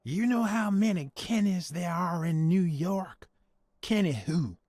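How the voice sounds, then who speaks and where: A gruff suspicious barber. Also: male voice, high voice, animated, a little slow, darkish tone, no room sound.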